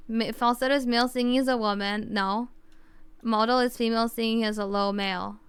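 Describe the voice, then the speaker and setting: Streamer lady rambling on stream, lots of likes and ums, crisp voice with a gravelly edge. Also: a little high, steady tone, a little fast, dry recording. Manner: rambling, thinking aloud with many fillers. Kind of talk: casual livestream chat.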